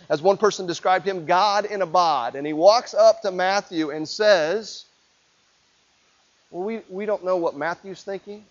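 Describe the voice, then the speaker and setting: A male preacher tells his sermon like a story, in a conversational way, and keeps asking his listeners questions. His voice is high for a man. The recording sounds dull and lo-fi. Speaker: pastor.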